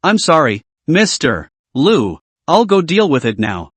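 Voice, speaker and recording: A man narrating a comic recap in a scripted reading style, voicing the dialogue and the narration in the same steady voice. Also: fairly high pitch, a little slow, breathy edge, dry recording.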